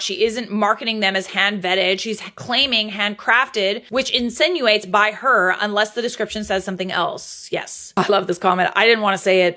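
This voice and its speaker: A woman hosting casual reaction commentary, candid and chatty and quick to laugh. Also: medium pitch, sharp tone. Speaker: commentary host.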